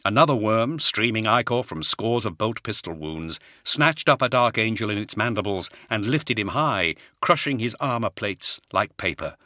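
A man's voice: fairly low pitch, lively intonation, moderate pace, hardly any pauses, no room sound, clean studio sound. A man reading a science-fiction war novel aloud as a scripted dramatic narration, lifting his voice for the battle cries. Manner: dramatic, raises voice for shouted lines. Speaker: audiobook narrator.

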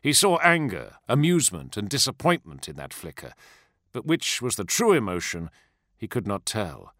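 A male audiobook narrator reads a dark fantasy novel aloud in a lowish voice, giving scripted narration that is measured and expressive. The recording is dry, with clean studio sound.

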